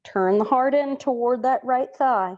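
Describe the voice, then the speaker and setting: Yoga teacher, woman, unhurried delivery, guides chair poses on a video call, playful asides between cues. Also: high-pitched, a little mellow, lo-fi sound. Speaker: yoga instructor.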